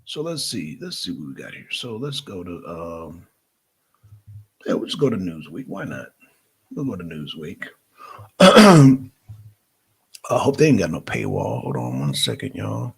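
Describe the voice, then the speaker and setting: A man's voice: low voice, wildly swooping pitch, a little slow, creaky, long pauses, breathy edge. A man from Georgia with a Southern accent, chatting casually to viewers as the host of a political livestream. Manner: chatty, addresses viewers directly, gives shout-outs.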